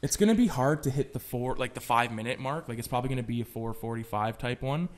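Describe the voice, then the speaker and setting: A young man chatting casually on a podcast, halting and full of fillers. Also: medium pitch. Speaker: podcast host. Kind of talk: casual chat.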